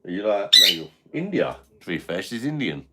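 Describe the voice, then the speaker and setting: A man's voice: deep voice, very animated, brisk. A man hosting a casual live stream, bantering and swearing at his noisy pet bird while reading chat comments. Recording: loud parrot squawks behind.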